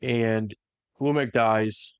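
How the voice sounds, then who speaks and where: A man casually recapping a story for a co-host, slipping into quick voiced quotes of the characters. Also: lowish voice, clean tone, no echo, clean studio sound. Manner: animated retelling that slips into quick voiced quotes. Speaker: podcast host recapping lore. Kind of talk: casual lore recap chat.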